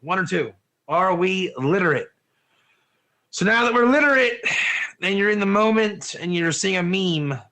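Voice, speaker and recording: Animated high-voiced man teaching a class. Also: moderate pace, long pauses. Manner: animated, asks the class questions, often says "one or two", laughs at own jokes. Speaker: Torah teacher. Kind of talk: lively online class lecture.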